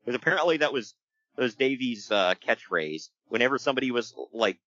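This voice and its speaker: Lively, bright-voiced male podcast host. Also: medium pitch, a little fast, no room sound, dull audio. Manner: animated storyteller, laughs often, breaks into voices. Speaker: podcast host recapping wrestling. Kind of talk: casual chat.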